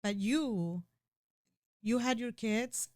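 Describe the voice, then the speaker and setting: Speaking very slowly, a woman with a slightly high, darkish voice shares her feelings openly in a personal conversation. She often begins her sentences again and says "you know" a lot, sounding earnest. The recording is clean studio sound with no room sound.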